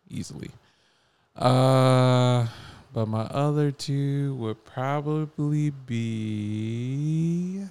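Man, podcast co-host, slight southern twang, animated, playful, quick to laugh. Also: medium pitch, creaky. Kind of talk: casual chat.

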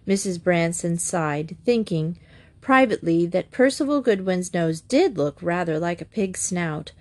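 A woman narrating a children's chapter book in a clear, measured reading. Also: fairly low pitch, expressive, a little mellow. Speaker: audiobook reader.

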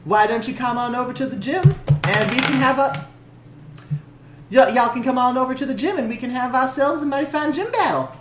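A woman's voice: high-pitched, fairly quick, echoey room, a little hiss or hum, close to an everyday voice. A woman voicing a gracious, genteel Southern woman gym leader with a folksy drawl. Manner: folksy drawl, uses y'all and mighty.

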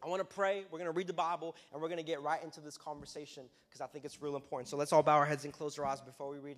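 A man preaching as a youth pastor in a sermon, talking in a loose, conversational way that breaks into loud, emphatic bursts. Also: on the high side, level tone, racing, hardly any pauses. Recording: long hall reverb.

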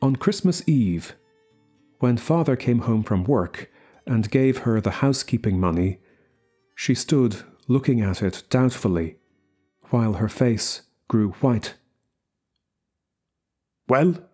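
A man reading a short story aloud as the narrator, in slow, measured scripted narration. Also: mid-range voice, lively intonation, warm tone, husky, soft background music. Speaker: story reader.

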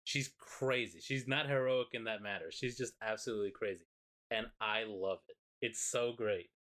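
A man with a lowish voice co-hosts a podcast, chatting casually. He retells a show with excitement and plenty of swearing. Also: moderate pace. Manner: excited, profane, animated retelling. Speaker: podcast co-host. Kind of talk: casual chat.

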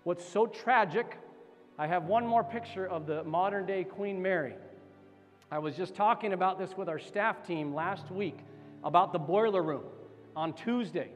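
A man's voice: sits high, normal speed, long reverb tail, faint music behind. A man preaching a sermon as pastor, telling a story and building to fervent exhortation.

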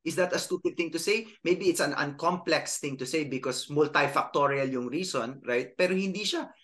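Earnest Filipino man, slightly high voice. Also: a little fast, fairly bright tone. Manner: earnest, mixes Filipino and English, repeats words as he builds a point. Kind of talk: casual political discussion.

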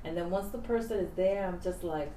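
A woman's voice: fairly low pitch, fairly quick, mellow, recorded from a distance. A woman co-hosting a podcast, talking bluntly and breezily with a self-assured manner. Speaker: podcast co-host. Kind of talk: casual chat. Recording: echoey room off-mic with faint hiss.

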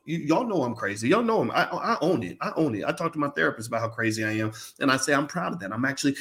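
A man's voice: on the high side, fairly bright tone. A man giving an impassioned monologue, preachy and emphatic, who repeats himself and talks straight to his listeners in casual slang. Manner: uses casual speech with slang. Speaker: commentator.

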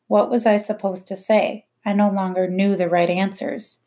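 A woman narrating a novel in the first person, in a quiet, measured, reflective way. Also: medium pitch, little pitch movement. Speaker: audiobook narrator.

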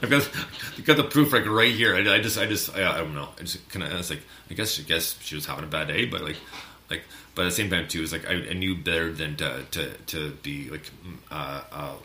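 Low, bright-voiced man telling a rambling story. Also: fast talker. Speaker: co-host. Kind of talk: casual chat. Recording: echoey room with faint noise.

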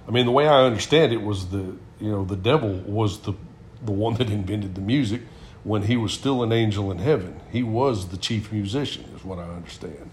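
This middle-aged man co-hosts a Christian talk show, offering casual testimony and stories with the earnestness of a preacher and plenty of fillers. His voice is lowish and a little fast, with slight background noise.

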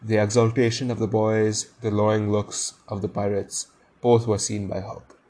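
Man, low voice, storytelling, animated reading, casual asides. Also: moderate pace, low-quality recording. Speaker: reader. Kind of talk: reading a classic story aloud.

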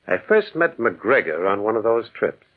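A man's voice: on the low side, sing-song, normal speed. A man in an old radio drama playing a lonely, brooding man who narrates his memories in a wistful, mournful way. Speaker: narrator and lead character. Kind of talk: 1940s radio acting. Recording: tinny old radio broadcast.

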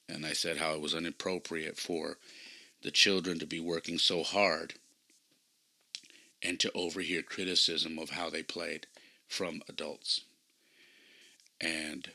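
A man with a very low voice and a gravelly edge tells a personal story in an earnest, reflective monologue. His tone is forceful and tense as he hosts his podcast and recounts his coaching. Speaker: podcast host and youth baseball coach.

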